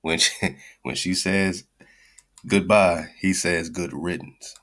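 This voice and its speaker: A man's voice: sits low, flat delivery, slow pace, a bit bright. A man hosting a radio show, giving blunt, slangy, profane commentary on a clip he is playing and repeating his points.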